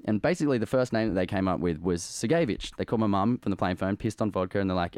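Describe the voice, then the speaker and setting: An Australian man in his thirties, a radio guest telling a story in a lively, casual way, with lots of fillers. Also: fairly low pitch, fast talker, hardly any pauses, dry recording. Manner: animated, tells stories with lots of fillers.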